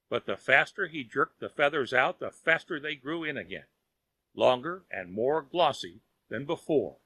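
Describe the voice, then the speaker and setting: A man narrating a children's audiobook in a lively storytelling manner. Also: medium pitch, normal speed, breathy edge, dry recording.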